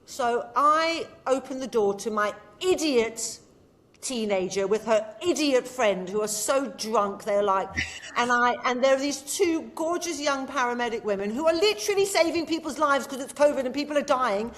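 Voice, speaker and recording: A woman in her fifties chats as a podcast guest, her voice sitting a little high. She tells family stories with energy, slipping into little acted quotes of other people. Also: lively intonation, moderate pace, fairly bright tone. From England. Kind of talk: casual storytelling chat.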